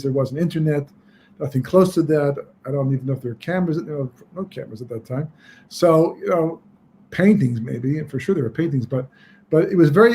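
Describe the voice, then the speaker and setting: A man with a fairly high voice teaching a webinar lesson as a rambling story, full of "you know" and restarts. A faint hiss runs under his speech from a computer microphone. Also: warm tone. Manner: conversational, many fillers and restarts.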